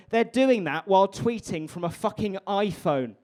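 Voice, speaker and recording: Young man, stand-up comedian, brash and sweary, chats with the crowd, slightly high voice. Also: expressive, moderate pace, darkish tone, slight background noise. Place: live comedy venue with an audience.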